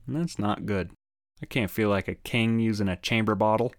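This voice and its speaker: A man co-hosting a casual history podcast, trading deadpan jokes and wry asides. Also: on the low side, moderate pace, no room sound, studio quality. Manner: deadpan joking banter. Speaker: podcast co-host.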